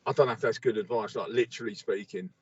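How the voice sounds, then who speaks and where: A comedian from England co-hosting a podcast over a video call, with laid-back, sweary banter. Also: male voice, on the low side, fairly even intonation, quick pace, slightly rough, no room sound. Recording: muffled, dry call audio.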